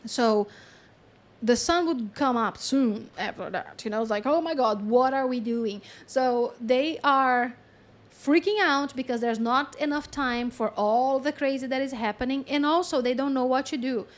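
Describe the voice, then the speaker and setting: A woman channeling a story in a chatty, animated way, with lots of fillers and frequent laughs. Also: high voice, measured pace. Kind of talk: casual storytelling.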